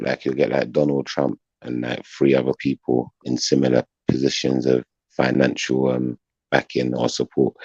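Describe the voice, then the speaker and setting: A man's voice: a bass voice, gravelly, warm tone, slightly rough, no echo, highs cut off. A man from England chatting casually on a panel, rambling and laughing often.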